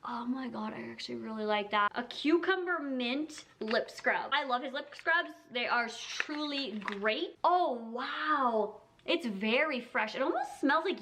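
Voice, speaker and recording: Beauty vlogger, twenties, female; bubbly and gushing, fairly high voice, casual filler-heavy delivery. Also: a little hiss or hum. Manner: gushing, excitable, lots of "like" and "oh my God". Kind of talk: casual product unboxing. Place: indoor room with colored backdrop.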